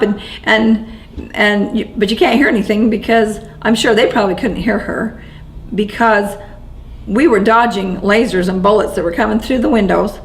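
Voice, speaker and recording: A woman with a gravelly, medium-pitched voice gives a first-person eyewitness account in an interview, halting and shaken, with frequent restarts and repeated words. Her tone is steady, and the recording quality is low.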